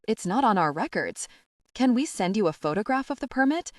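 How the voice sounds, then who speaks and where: A woman's voice: on the high side, sing-song, brisk, dry recording, studio quality, distant mic. A woman voicing a male police officer in an audiobook, stiff and deferential.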